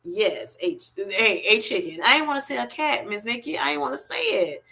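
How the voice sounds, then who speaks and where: A middle-aged woman hosting a live stream, reading viewer comments aloud and chatting warmly, calling everyone honey. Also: fairly high pitch, very animated, normal speed, creaky. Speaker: livestream host.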